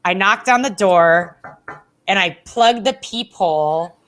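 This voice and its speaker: A woman in her forties chatting as a show guest, her voice bright and clear. She tells her stories in a lively, casual way and slips into other voices when she quotes people. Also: medium pitch, slow pace, slight background noise. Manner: animated, acts out quotes with shifting voices. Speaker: podcast guest, former wrestling interviewer. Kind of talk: casual storytelling chat.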